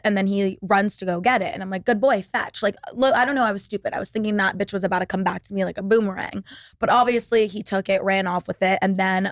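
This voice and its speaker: A young woman talks through a casual solo podcast, drifting from story to story with endless "like"s and plenty of swearing. Her voice sits at an ordinary middle pitch, recorded close and dry with no room sound. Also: no room sound. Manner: rambling, profane, lots of "like" fillers. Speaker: podcast host. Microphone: laptop setup.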